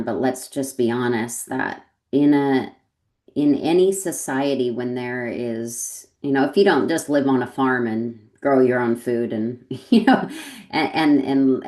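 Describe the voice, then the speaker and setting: A woman's voice: very deep voice, dark tone. A woman talking as a guest in a thoughtful, reflective way, laughing often and trailing off mid-sentence. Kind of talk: reflective conversation. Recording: roomy echo.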